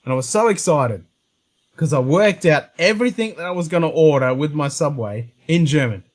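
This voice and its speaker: A man's voice: fairly high pitch, animated, a little fast. Sweary Australian man telling stories. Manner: blunt and sweary, laughing storyteller. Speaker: host of a whisky show. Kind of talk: casual chat on a live stream.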